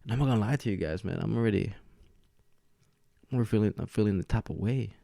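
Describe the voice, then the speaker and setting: Alone at home and a bit tipsy on tequila, a man hosts a casual solo podcast, rambling loosely and laughing often into a podcast mic with a camera setup. He talks fast in a lowish, warm voice with vocal fry, and the recording is dry with clean studio sound.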